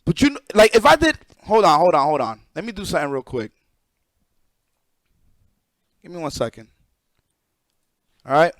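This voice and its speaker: A high-pitched man on a live stream, ranting loosely and cursing freely as he explains things to his chat. His voice sits close and dry on the mic, with no room sound around it. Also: brisk, dry recording. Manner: profane, animated, talks to chat. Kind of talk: casual live-stream rant.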